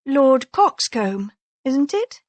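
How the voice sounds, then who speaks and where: A woman voicing a sharp-tongued young noblewoman in an audiobook, with an arch, teasing manner. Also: a little high, unhurried, no room sound. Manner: arch, teasing, mock-concerned.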